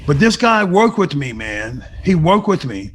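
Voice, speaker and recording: A man's voice: on the high side, big pitch swings, measured pace, a little hiss or hum. A middle-aged man giving a personal testimony as an interview guest, telling his story with emphasis and acting out remembered conversations. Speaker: guest sharing a recovery story.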